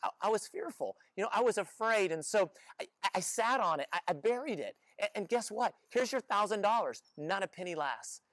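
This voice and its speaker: A man's voice: high voice, animated, fairly quick, a bit bright, no room sound, clean studio sound. A man voicing a fearful employee in a parable who makes hesitant, stammering excuses. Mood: nervous.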